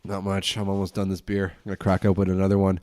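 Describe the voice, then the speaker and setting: A man's voice: sits low, completely flat delivery, fast talker, a little mellow, no echo. A man hosting a casual solo podcast at home, ranting and swearing in a loose, tipsy way, his nose stuffed up. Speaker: podcast host.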